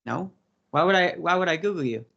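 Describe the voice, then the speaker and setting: A man's voice: on the high side, animated, a little fast, gravelly, pushed and bright. A man hosting a podcast interview, mostly giving short agreeing replies and questions. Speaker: podcast host. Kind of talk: casual interview. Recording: dull lo-fi sound.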